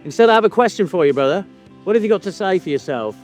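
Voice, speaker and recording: Lively high-voiced teasing male host. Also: fast talker, soft background music. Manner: teasing, mock-outraged, swears freely. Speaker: podcast host. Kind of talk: casual podcast banter.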